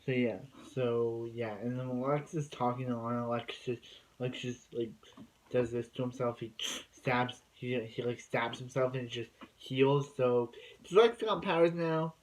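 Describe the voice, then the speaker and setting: A man's voice: mid-range voice, little pitch movement, unhurried, rough recording. Rambling man recapping a TV episode. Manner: rambling, heavy on fillers and restarts. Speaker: TV episode reviewer.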